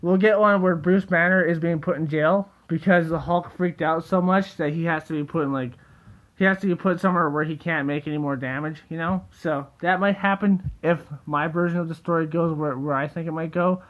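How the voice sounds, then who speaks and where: Young male host, high-pitched, rambling and excitable, casual delivery with constant fillers. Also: fairly quick, narrow, tinny audio. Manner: rambling, full of "like" and restarts, excitable. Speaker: theory video host. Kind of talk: casual solo monologue.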